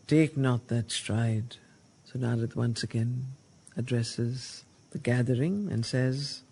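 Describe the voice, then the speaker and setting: A woman leading a study circle, reading poetry aloud in a slow, emphatic way and explaining it with questions to the group. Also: a bass voice, warm tone, husky. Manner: slow, emphatic recitation of verse, stressing single words.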